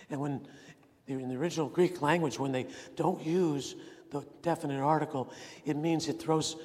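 A man preaching a sermon with earnest emphasis, swinging between ringing points and quiet, intense asides. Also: a little high, steady tone, normal speed. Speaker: pastor. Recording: long reverb of a large hall.

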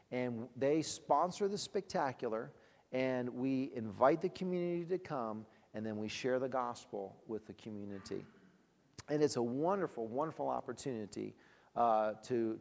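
A man with a rough, gravelly voice tells testimony stories from his ministry in a loose, conversational way. He stops and restarts his sentences and often laughs as he talks. The sound carries a long reverb, as in a large hall. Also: medium pitch, a little mellow. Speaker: ministry leader.

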